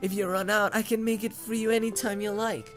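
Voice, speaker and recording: A gentle, fretful old granny, as a man puts her on speaks in a slow, soft, doting voice that sits well above his own, with game music playing underneath. Recorded on a condenser mic. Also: high voice, little pitch movement, pitched above the performer's own voice, close to an everyday voice. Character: kind, fretful old grandmother.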